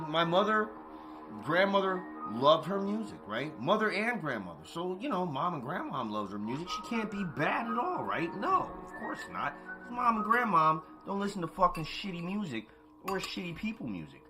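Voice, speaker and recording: A man's voice: high voice, wildly swooping pitch, moderate pace, music in the background. A man hosting a late-night monologue, talking straight to his listeners, swearing freely, laughing often and repeating points for emphasis. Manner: talks to listeners directly, repeats himself for emphasis. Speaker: podcast host. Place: at home, eating with a cat nearby.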